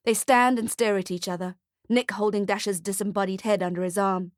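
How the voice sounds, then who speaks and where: A woman narrating a darkly comic audiobook in a wry, even way on a close mic. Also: mid-range voice, brisk, no echo. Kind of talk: scripted narration.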